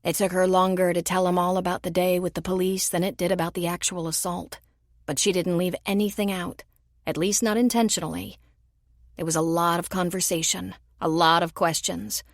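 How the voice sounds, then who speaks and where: Woman audiobook narrator, measured, even storytelling, dry studio sound. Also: lowish voice, no echo. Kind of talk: scripted narration.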